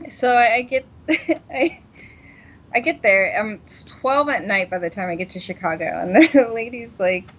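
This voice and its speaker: At a normal speed, a woman with a slightly high voice tells a story while co-hosting a podcast, chatting casually, laughing often and acting out quotes with animation. The recording has a dull, lo-fi quality.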